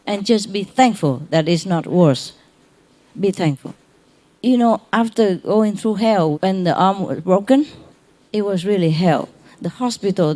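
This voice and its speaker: A woman giving an informal spiritual talk to her followers, gentle and consoling, chuckling often, in non-native English. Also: mid-range voice. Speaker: spiritual teacher.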